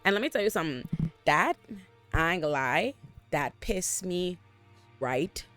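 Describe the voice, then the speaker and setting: A man hosting a casual TV episode recap from a hotel room, ranting in an animated, exasperated and profane way. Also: fairly high pitch, a little slow, clear, resonant tone, faint music behind. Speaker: TV recap host.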